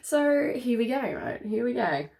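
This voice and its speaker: Excitable woman giving a card reading. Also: fairly high pitch, unhurried, creaky. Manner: excitable, laughs often, checks in with "okay?". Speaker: tarot reader. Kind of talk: casual spiritual card reading.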